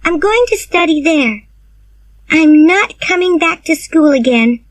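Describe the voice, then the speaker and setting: Anne, a woman voicing a high-pitched orphan girl. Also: lively intonation, measured pace, rough recording. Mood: determined. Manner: high, heartfelt pleading. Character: excitable young orphan girl, earnest and dramatic. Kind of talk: graded reader narration.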